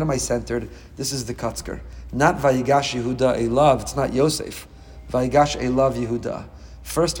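A middle-aged man teaching a Torah class as a rabbi, dramatic and animated, with quick humorous asides. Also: mid-range voice, big-room sound.

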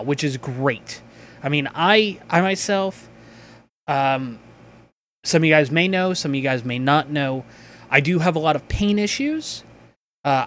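A man hosting a podcast, chatting casually and reading sponsor spots in a loose, profane, excitable way. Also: a little high, a little hiss or hum. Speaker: podcast host.

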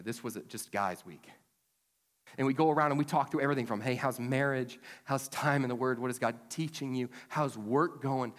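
Pastor preaching in a reverberant hall. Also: male voice, mid-range voice. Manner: conversational preaching with rising emphatic bursts. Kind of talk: sermon. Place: church sanctuary.

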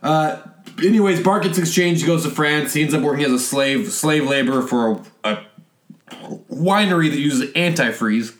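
A man's voice: a little high, normal speed. A man hosting a casual podcast, rambling through an episode recap with restarts and laughs. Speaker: podcast host.

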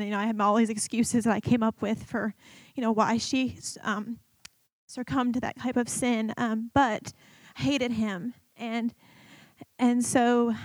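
A woman in her thirties giving a personal testimony to her church, talking haltingly with many fillers and restarts. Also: fairly high pitch, no room sound. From Michigan. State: tearful.

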